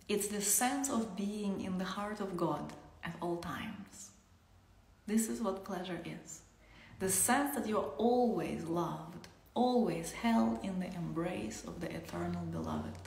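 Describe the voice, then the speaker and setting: Softly whispering woman teacher, echoey room. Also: medium pitch. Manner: soft, breathy, often whispering, laughing. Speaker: tantra teacher. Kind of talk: spiritual teaching monologue.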